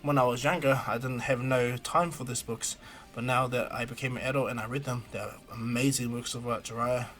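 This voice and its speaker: A man's voice: mid-range voice, fairly even intonation, brisk, fairly bright tone, lightly acted. Naruto, a man voicing a brash young ninja. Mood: eager. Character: brash cheerful young male ninja hero.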